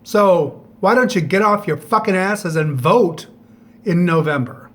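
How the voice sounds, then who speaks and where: A middle-aged man talking straight to camera in a bitter, profane monologue, firing off sharp rhetorical questions. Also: sits high, animated, a little slow. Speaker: vlogger.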